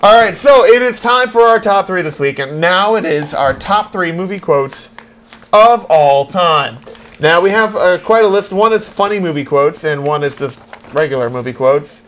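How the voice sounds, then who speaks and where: A man hosting a casual comedy talk show, animated and joking. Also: sits high, moderate pace. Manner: animated, reads out and imitates movie quotes. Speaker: host.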